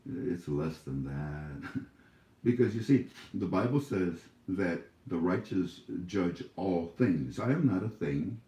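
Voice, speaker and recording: Male YouTube host, soft dark voice, preachy and rambling, echoey room. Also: deep voice, expressive, slow. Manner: scolding, preachy, rambling with many fillers. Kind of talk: casual monologue to viewers. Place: his home.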